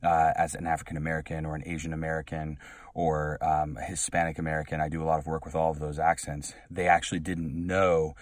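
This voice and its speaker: Brief: man with a very low, deep voice, earnest rambling vlog talk, sitting back from the mic in a dead, dry booth. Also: monotone, fast talker, no room sound, far from the mic. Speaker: professional voice actor. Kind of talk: casual vlog chat. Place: small recording booth.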